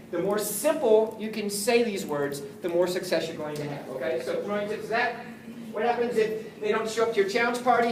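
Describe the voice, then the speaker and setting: Energetic man coaching a room, echoey. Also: high voice, recorded from a distance. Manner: energetic, jokey, acts out phone calls. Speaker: sales trainer. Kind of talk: motivational training talk. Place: meeting room with an audience. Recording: echoey room, voice from afar, faint noise.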